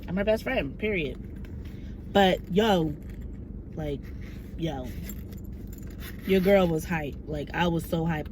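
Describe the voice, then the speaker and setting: Female vlogger, bright tone, faint background noise, animated storyteller. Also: mid-range voice. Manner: excited, animated retelling with quoted asides. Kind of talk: casual storytime vlog.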